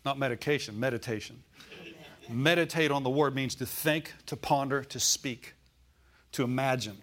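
A man's voice: medium pitch, normal speed, fairly bright tone. An older man preaching a sermon in a folksy, rambling way, climbing to emphatic declarations when he quotes scripture.

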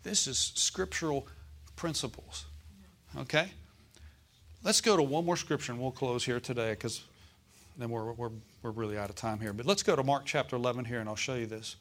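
A man preaching a sermon as pastor, calling out to the congregation and slowing down to stress scripture verses. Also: mid-range voice, a bit bright. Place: church.

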